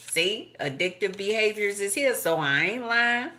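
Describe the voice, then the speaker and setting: A middle-aged woman giving a casual tarot and astrology reading, blunt and profane, animated and laughing often. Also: medium pitch, unhurried. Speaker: tarot reader.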